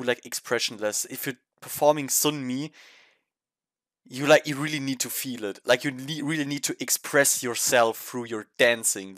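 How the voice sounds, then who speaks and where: A man's voice: medium pitch, fairly bright tone, no echo. A man with a German accent co-hosting a podcast, bluntly giving his opinions on performances in casual chat. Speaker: podcast co-host.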